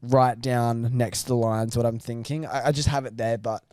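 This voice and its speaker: A man's voice: medium pitch, steady tone, moderate pace, a little mellow, no room sound. A man with an ordinary mid-range voice who coaches the others insistently, in a casual comedic tone. His sound is dry and close to the mic. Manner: bossy, coaching, then playful ranting. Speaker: podcast guest.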